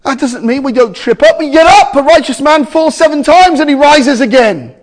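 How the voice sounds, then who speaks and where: A man preaching a sermon to a congregation, emphatic, with loud exclamations and quiet asides. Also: very high voice, moderate pace.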